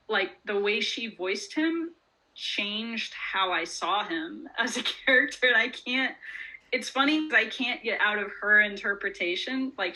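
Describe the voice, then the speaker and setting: A woman author talking loosely in an interview, her voice bright and forward. She rambles a little, peppering her thoughts with "like" and "um", and laughs easily as she goes. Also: medium pitch, rough recording. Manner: chatty, lots of "like" and "um", laughs often. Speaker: author guest. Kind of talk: casual interview chat.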